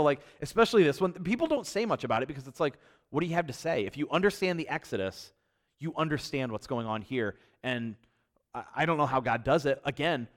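Middle-aged guy teaching bible study, lots of restarts, gets loud and high then drops real quiet. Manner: conversational, many restarts and repeated words.

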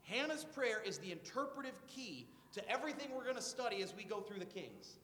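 High-voiced guy preaching a sermon, lively storytelling, lots of stumbles and restarts, big echoey church. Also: a little fast, slight background noise. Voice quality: animated storytelling, frequent word restarts. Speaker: pastor. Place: church sanctuary. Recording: echoey church hall with long reverb.

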